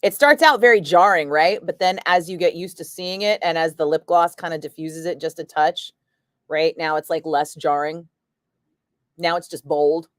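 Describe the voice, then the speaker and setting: Chatty low-voiced woman streamer. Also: moderate pace, dry recording, clean studio sound. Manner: chatty, wry, swears casually. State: battling a migraine. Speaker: radio host streaming live chat. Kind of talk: casual livestream chat reading comments.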